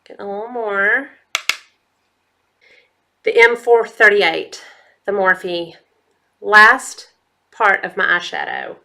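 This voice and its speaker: A woman's voice: mid-range voice, steady tone, takes it slowly, pauses often, pushed and bright. A woman chatting casually through a makeup tutorial, talking straight to her viewers. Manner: chatty, addresses viewers as y'all. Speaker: beauty vlogger.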